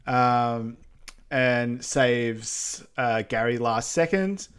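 A man's voice: medium pitch, drawn-out words, clean tone. Laid-back male co-host chiming in. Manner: chimes in with short agreements and reactions. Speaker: podcast co-host. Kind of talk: casual film recap chat.

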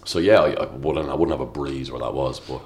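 A man with an Irish accent and a very deep voice chats casually as a podcast guest. He tells stories with lots of energy and acts out what people said. He talks in a loose, conversational way. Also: fairly quick. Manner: animated storyteller, acts out quotes loudly.

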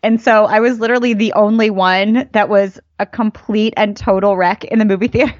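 A woman's voice: medium pitch, brisk, no echo. Emphatic woman with a dull, dry mic sound. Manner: animated, emphatic storyteller, voice jumps up for emphasis. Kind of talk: casual fan chat.

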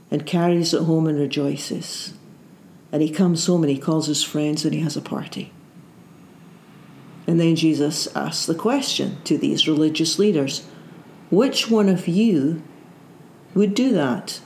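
Slow, earnest woman preacher. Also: medium pitch, darkish tone. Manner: earnest, rhetorical questions, repeats phrases. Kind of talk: sermon. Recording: roomy echo.

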